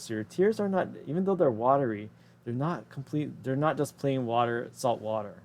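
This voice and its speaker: A male anatomy instructor walks through a slide in a relaxed, conversational lecture, breaking off to correct himself and toss in asides. His pitch sits in a normal middle range. A faint hiss of noise stays under the voice. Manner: casual, self-correcting explanations with quick asides. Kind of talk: recorded lecture over slides.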